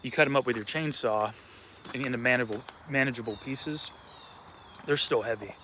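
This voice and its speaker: A man in a casual walk-and-talk vlog, rambling on and correcting himself as he goes. His voice sits at an ordinary middle pitch, recorded on a handheld camera out on a wooded hillside. Crickets chirp faintly behind him. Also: a little fast, background noise. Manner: rambling, casual, self-interrupting. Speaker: vlogger and punk musician. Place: outdoors on a wooded rural hillside.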